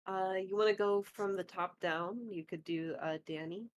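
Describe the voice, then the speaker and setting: A woman's voice: medium pitch, steady tone, normal speed, dull audio. A woman co-hosting a live stream, chiming in with brief, matter-of-fact remarks. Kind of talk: casual live-stream chat.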